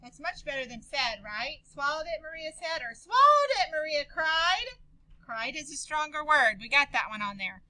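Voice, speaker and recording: A woman's voice: high-pitched, lively intonation, moderate pace, bright, forceful tone, low-quality recording. A woman teacher reading a storybook aloud in a classroom, stopping to explain words and quiz her students. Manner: explaining, asks students questions.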